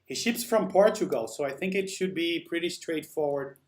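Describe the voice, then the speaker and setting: Chatty man with a slightly high voice. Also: moderate pace. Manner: chatty, answers viewer comments while working. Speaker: live-stream host. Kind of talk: casual chat with live viewers.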